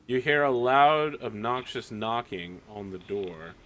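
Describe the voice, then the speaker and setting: A man's voice: medium pitch, expressive, takes it slowly, fairly bright tone. A man running a tabletop game as game master, narrating casually with lots of fillers.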